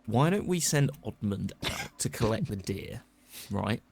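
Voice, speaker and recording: A man with a slightly low voice, playing his character in a tabletop game. He hedges and restarts often. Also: lively intonation, a little slow, gravelly, darkish tone, slight background noise. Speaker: player.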